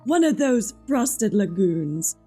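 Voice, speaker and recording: A woman voicing a blunt female dwarf warrior in a put-on Scottish accent, rough and hearty. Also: medium pitch, very animated, slow, warm tone, soft background music, full character voice. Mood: demanding.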